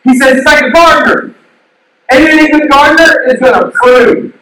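A male pastor giving a sermon in an animated way, asking the crowd questions and acting out the quotes he tells. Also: very high-pitched, moderate pace, a little hiss or hum. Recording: distant mic in a very echoey hall.

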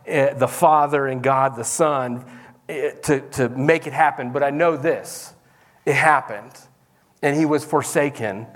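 A man preaching a sermon as pastor in a church service, talking in a conversational way and calling out to the congregation. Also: fairly high pitch.

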